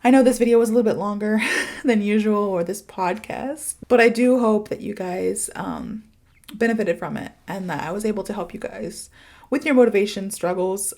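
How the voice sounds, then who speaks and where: A woman's voice: mid-range voice, creaky, darkish tone. Candid American woman hosting a podcast. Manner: candid, confiding, many fillers like "like" and "you know". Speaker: podcast host and English teacher. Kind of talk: casual podcast monologue.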